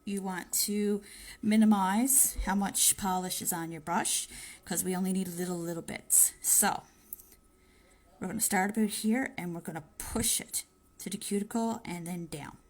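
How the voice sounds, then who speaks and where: A woman nail tech talks through a live-streamed polish tutorial on her phone, offering pointers with friendly asides. Her voice is mid-range, steady and darkish in tone, at a moderate pace.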